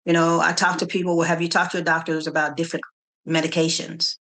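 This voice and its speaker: A middle-aged woman from the Kansas City area, telling her story in an interview with animated quoted dialogue and frequent restarts. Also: low-pitched, fast. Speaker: interview guest, nonprofit founder.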